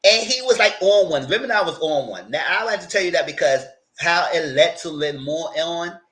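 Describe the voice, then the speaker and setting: A man with a somewhat high voice speaks at a moderate pace over poor audio, casually going over a reality TV episode and sharing his take. Animated and conversational, he acts out the cast's lines as he retells each scene.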